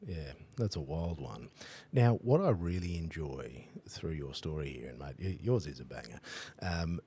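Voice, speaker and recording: Deep, husky Australian male podcast host. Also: moderate pace. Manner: matey, animated, slangy. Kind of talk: casual interview. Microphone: home setup, wired connection.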